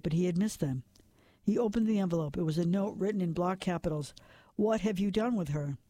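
A man reading a dark crime story as a measured narrator, sometimes dropping to a whisper at tense moments. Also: high-pitched, dry recording. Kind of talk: scripted noir narration.

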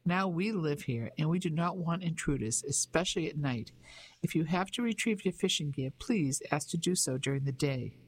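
Stiff defiant english lady in her middle years, reader doing her, officious, mid pitch. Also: expressive, normal speed, lightly acted. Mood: indignant. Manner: indignant, officious. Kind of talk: audiobook character voice.

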